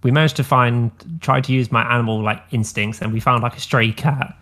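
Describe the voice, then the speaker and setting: Brief: podcast guest, quick loud casual speaker, mid pitch. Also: steady tone. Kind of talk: casual chat.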